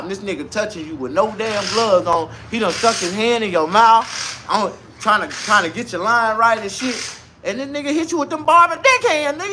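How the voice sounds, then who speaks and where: Loud crude man ranting to camera. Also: high-pitched, a little hiss or hum. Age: 40s. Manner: loud, crude, animated street slang. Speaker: vlogger. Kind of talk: casual comedic rant to camera.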